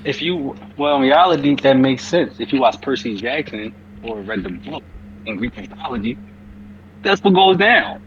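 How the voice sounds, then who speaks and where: A man's voice: mid-range voice, expressive, moderate pace, muffled recording. A man co-hosting a casual podcast chat, speaking informally with loose grammar. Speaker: podcast co-host.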